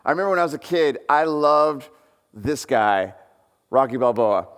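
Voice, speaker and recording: A man's voice: mid-range voice, animated, moderate pace, fairly bright tone, long reverb tail. A male pastor from the United States preaching a sermon in a conversational way, putting questions to the congregation. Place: church hall.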